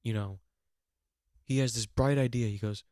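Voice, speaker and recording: Podcast guy doing a swear-heavy mock-outraged rant, middle pitch, dead dry mic. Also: steady tone, moderate pace, dark tone, no room sound. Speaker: podcast host.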